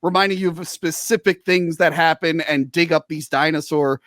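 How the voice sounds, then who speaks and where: A man hosting a casual movie review podcast, jokey and animated, acting out his own reactions as he talks. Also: on the high side, moderate pace, dry recording, studio quality. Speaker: podcast host.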